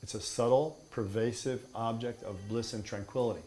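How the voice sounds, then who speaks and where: A man's voice: mid-range voice, fairly even intonation, normal speed, mellow, a little hiss or hum. A man teaching meditation in an emphatic, playful way, mixing in humor and mockery. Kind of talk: spoken teaching.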